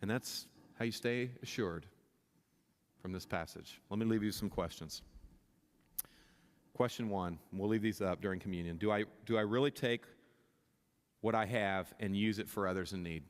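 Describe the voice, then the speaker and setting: A pastor preaching a sermon, impassioned, often restarting his sentences and building to louder, higher climaxes. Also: moderate pace, long pauses. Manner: impassioned, rising in pitch and volume at climaxes, many restarts. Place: church sanctuary. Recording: long reverb of a church hall.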